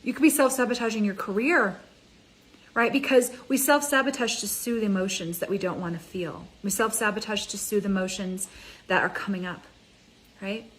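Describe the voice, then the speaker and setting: A middle-aged woman gives a motivational talk straight to her audience. She talks in a casual, energetic way and keeps asking her listeners direct questions. Her voice sits at an ordinary pitch for a woman. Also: moderate pace, low-quality recording. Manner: energetic, conversational, addresses viewers directly. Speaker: mind ascension coach.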